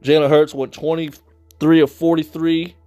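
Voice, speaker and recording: A man's voice: fairly high pitch, flat delivery, unhurried. Man recapping a game, faint music behind. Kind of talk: casual sports chat, recapping a game.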